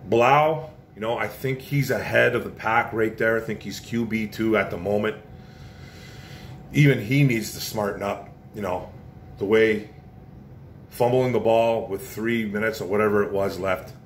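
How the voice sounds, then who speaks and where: A man hosting a casual football commentary show, blunt and opinionated, often repeating his points. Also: on the low side. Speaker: sports podcast host. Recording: roomy echo with faint noise.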